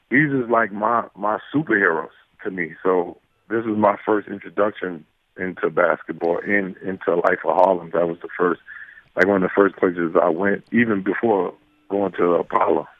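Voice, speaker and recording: A man tells stories as an interview guest, lively and loose, full of restarts and little acted-out exchanges. His voice comes through a tinny, phone-like line, dry and close. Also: low voice, no room sound. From New York. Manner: animated, acts out quoted exchanges, many fillers and restarts. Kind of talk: casual storytelling.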